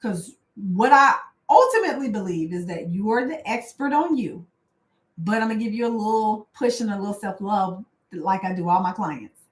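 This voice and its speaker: A woman's voice: medium pitch, animated, normal speed. A woman life coach giving a casual, conversational motivational talk, often checking in with "right?" and "y'all". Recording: roomy echo.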